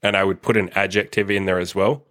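A man's voice: sits low, flat delivery, fast talker, a bit bright. A young man hosting a casual solo dating podcast, blunt and swearing freely as he acts out bits of conversation. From Australia. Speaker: dating coach podcast host.

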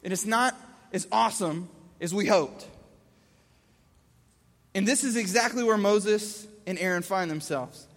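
A man delivers a sermon in a very high, bright, forceful voice. He tells his stories with lively energy and acts out the scenes. His voice rings through a large hall with long reverb. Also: unhurried, long pauses. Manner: animated storyteller acting out scenes. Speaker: pastor.

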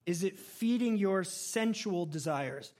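High-voiced male pastor preaching conversationally. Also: slow. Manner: conversational, animated storytelling with laughs. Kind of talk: sermon.

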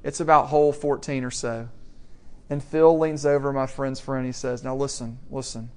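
A man preaching a sermon, telling a story with asides to the audience and swinging from hushed to loud. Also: medium pitch, steady tone, normal speed, clean tone.

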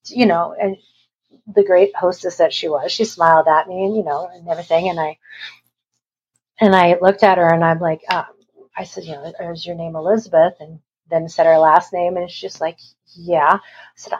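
A woman's voice: on the low side, steady tone, moderate pace, slightly rough. A middle-aged woman, an interview guest, tells a personal story in a rambling way and acts out the voices of the people she quotes. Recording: dull lo-fi recording.

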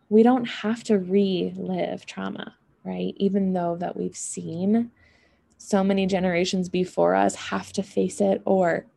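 A woman with a medium-pitched voice, dark and husky with heavy vocal fry, talks through emotions and healing in a slow, drawn-out monologue. Unhurried, she muses aloud and keeps checking in with "right?" and "you know."

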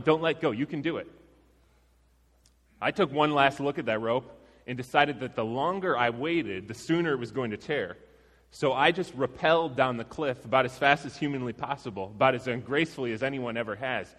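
A male preacher tells his story like a chat with friends, relaxed and self-deprecating, before he turns to the text. His voice sits in a middle pitch. A long reverb from a large church hall trails behind every line. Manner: conversational, self-deprecating, with laughs. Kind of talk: sermon with personal story.

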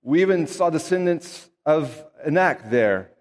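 A man's voice: fairly high pitch, expressive, a little slow, long reverb tail. A man reading scripture aloud and then preaching in an earnest, conversational way with emphatic asides. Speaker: pastor.

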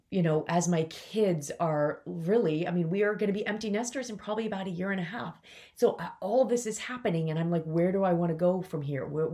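40s woman coach on her podcast, kinda lowish voice, choked up, trying not to cry. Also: warm tone. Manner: emotional, fighting back tears, candid. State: on the verge of tears. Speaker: podcast host and business coach. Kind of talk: personal solo podcast talk.

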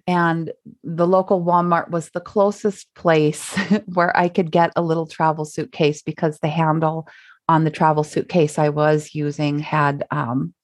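A middle-aged woman from Minnesota with a Minnesotan accent, hosting her solo podcast in a reflective, chatty way with fillers and small laughs. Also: lowish voice. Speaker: podcast host. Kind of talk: casual solo podcast talk.

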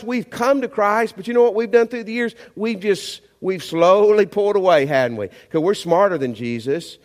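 Emphatic male pastor preaching in a hall. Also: high voice. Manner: animated, emphatic preaching with rhetorical questions. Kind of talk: sermon.

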